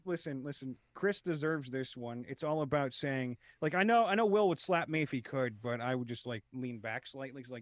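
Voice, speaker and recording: A young man riffing through improvised comedy banter as a podcast guest, laughing often and stammering through quick restarts and impressions. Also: mid-range voice, animated.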